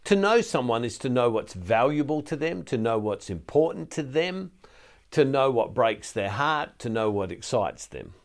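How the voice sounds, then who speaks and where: An older man delivers a recorded teaching talk from a ministry studio, in the role of a Catholic preacher. He talks in a relaxed, conversational way, often restarting phrases and repeating words. His voice sits at an ordinary middle pitch for a man. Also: moderate pace.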